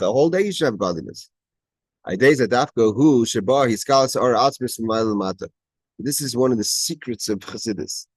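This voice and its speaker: A man's voice: mid-range voice, darkish tone, dry recording. A man teaching a class on a Chassidic text, reading Hebrew phrases and translating each one, with frequent restarts and emphatic rising questions. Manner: reads Hebrew phrases, then translates them. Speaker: Torah teacher. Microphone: video call.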